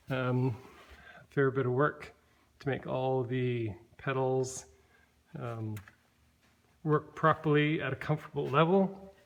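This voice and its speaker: A man slowly walking through the work he did on his car, talking with many pauses and fillers. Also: medium pitch, low-quality recording. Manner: slow, halting, many fillers and restarts. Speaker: car builder showing his car. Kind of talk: casual walkaround explanation.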